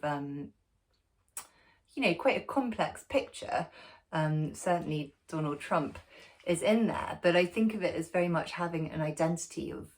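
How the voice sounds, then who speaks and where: A woman with a slightly low voice chats through a book review at home, sitting in her dog's bed. She talks casually to camera, with frequent ums, restarts and friendly asides. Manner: chatty, warm asides, many ums and restarts. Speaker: book club host.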